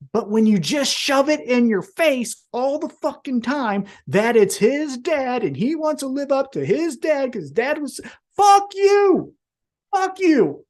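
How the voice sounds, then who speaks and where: A woman's voice: a little high, a little mellow. A woman co-hosting a wrestling podcast, chatting casually with emphatic swearing. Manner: profane, emphatic. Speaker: podcast co-host.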